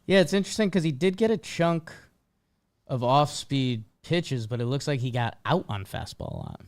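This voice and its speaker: A man's voice: mid-range voice, lively intonation. A man co-hosting a podcast, chatting casually about baseball and teasing his co-host. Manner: teasing, quick with jokes. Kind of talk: casual sports chat.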